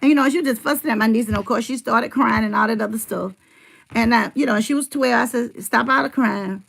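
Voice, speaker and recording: A woman's voice: a little high, fast, vocal fry, slightly rough. A middle-aged woman rambling in casual livestream chat, telling family stories and answering her viewers' comments.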